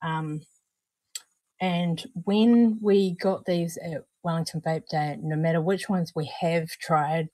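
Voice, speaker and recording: Chatty NZ woman host, lowish voice, dry close sound, bubbly and familiar with viewers. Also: steady tone, slow pace, warm tone, dry recording. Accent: New Zealand. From New Zealand. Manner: chatty, bubbly, calls viewers darling and honey. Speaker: vape show co-host. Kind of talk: casual livestream chat.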